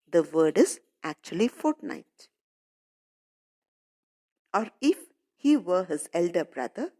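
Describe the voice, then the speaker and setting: Woman teacher with a low, lively voice. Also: slow pace, long pauses. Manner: patient, repeats and paraphrases, addresses pupils as children. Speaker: English teacher. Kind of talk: explaining a story to schoolchildren.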